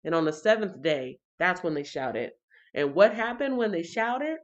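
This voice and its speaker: A woman reads and chats through a casual livestream Bible reading, speaking straight to her viewers. Her voice sits a little low. The sound is dull and lo-fi, like a home livestream mic. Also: animated, normal speed. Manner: chatty, talks straight to chat viewers. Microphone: computer or phone mic on a livestream.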